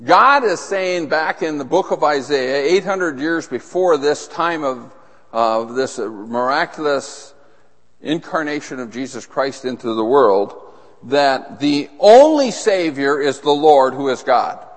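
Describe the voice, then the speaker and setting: A middle-aged male pastor teaches through a sermon, often stopping to put questions to the congregation. His voice sits a little high for a man. The sound carries the long reverb of a large hall. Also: expressive, slow. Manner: teaching, asks the audience questions.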